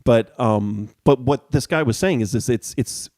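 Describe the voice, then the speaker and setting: A man's voice: mid-range voice, a little slow, a little mellow, dry recording. A man co-hosting a podcast in casual chat, rambling and restarting as he searches for words. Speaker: podcast co-host.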